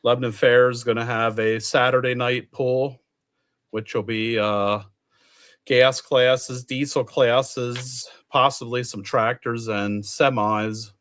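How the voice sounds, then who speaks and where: A man's voice: medium pitch, steady tone, slow pace, fairly bright tone. A man in casual chat, rambling through results and stories from an event he worked as an official. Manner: rambling, chatty, reads out results. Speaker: truck pull official.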